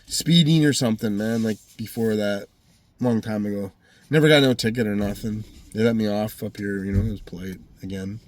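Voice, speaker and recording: A man's voice: on the low side, fairly quick. A man rambling through a heated, profanity-filled personal story as a vlogger. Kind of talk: casual storytelling monologue.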